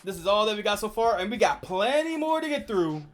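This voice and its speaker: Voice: mid-range voice, big pitch swings, fairly quick. A casual streamer talks in a mid-range voice, rambling through a tier list with plenty of "like" and "uh" and restarting sentences. Faint music plays behind the voice. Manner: rambling, filler-heavy, with many restarts. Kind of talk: casual livestream chat.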